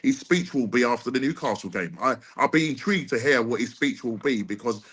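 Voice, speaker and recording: A man's voice: mid-range voice, animated, brisk, a bit bright, slightly rough. A man venting frustration on a live football fan show, with many restarts and repeats. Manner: frustrated, repetitive, restarts often. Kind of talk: casual live-stream chat.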